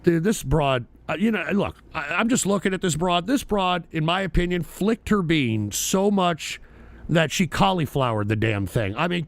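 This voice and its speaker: A man's voice: fairly high pitch, animated, moderate pace, no room sound. A man hosting a live-streamed talk show, reading out odd news stories with brash, profane, mocking commentary. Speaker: political talk show host.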